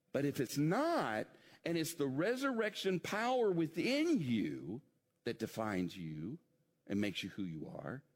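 A middle-aged man preaching a sermon as pastor, swinging between loud emphasis and quiet intensity. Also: mid-range voice. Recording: long hall reverb.

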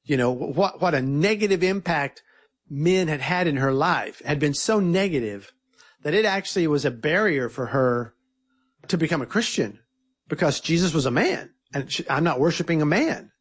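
A filmmaker being interviewed, telling an earnest, animated story and quoting others in his own voice. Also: on the high side, moderate pace, husky.

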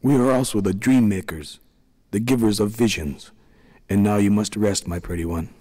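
A man doing a gentle little leader of the little people. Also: on the low side, moderate pace, close to an everyday voice. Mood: soothing. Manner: gentle, soothing. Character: kind small middle-aged male leader of little people.

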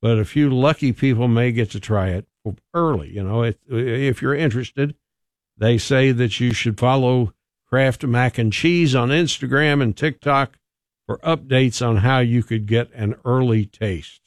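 Unhurried and mid-range, this man co-hosts a radio show, reading out a food news story with jokey asides in a relaxed, chatty manner. The audio is studio quality, free of room sound.

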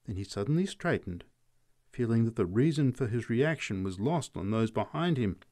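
Man reading a story, lively pitch. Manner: measured, storytelling. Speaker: narrator.

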